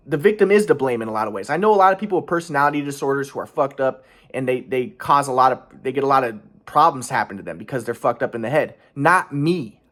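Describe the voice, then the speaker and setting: Fast-talking man, rambling and restarting. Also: medium pitch. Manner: repetitive, stumbling restarts, frank and profane. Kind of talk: rambling personal vlog monologue.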